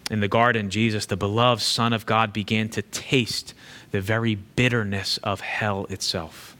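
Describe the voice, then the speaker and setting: A man preaching a sermon, earnestly repeating key phrases for emphasis and moving between hushed and fervent delivery. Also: fairly low pitch, level tone, normal speed.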